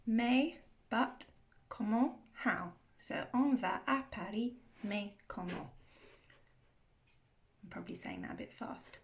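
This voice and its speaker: Slow, careful woman teacher with gravelly voice. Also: fairly high pitch. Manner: slow, careful explanation with repeated words. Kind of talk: recorded vocabulary walkthrough.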